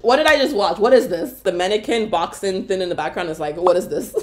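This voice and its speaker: A young woman from Canada giving casual reaction commentary, excitable and exclamatory, laughing often. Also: medium pitch, fast talker, loud music behind the voice. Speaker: reaction vlogger.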